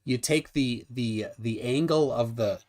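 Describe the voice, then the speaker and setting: A man's voice: medium pitch, unhurried. A man hosting a casual livestream debate, reading chat aloud and explaining with frequent restarts. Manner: animated, many restarts, reads chat aloud. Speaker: livestream host.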